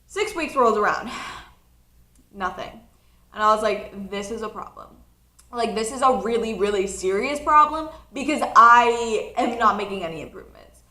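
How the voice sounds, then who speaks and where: Bright, chatty young woman in echoey room. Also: on the high side, normal speed. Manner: chatty, animated, laughs while telling. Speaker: college student vlogger. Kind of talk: casual storytime vlog.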